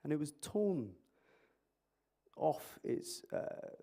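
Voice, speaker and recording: A man's voice: fairly high pitch, very slow. A man speaking as an emergency clinician at a conference, joking and quizzing the audience through a microphone. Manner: animated, jokey, quizzing the audience. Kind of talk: interactive conference talk. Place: conference hall.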